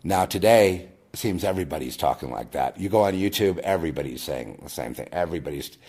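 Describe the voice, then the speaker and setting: A man giving a rambling personal testimony as host of his own video, with frequent restarts and swings between loud emphatic bursts and quiet murmurs. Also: sits low, lively intonation, quick pace, few pauses, slightly rough.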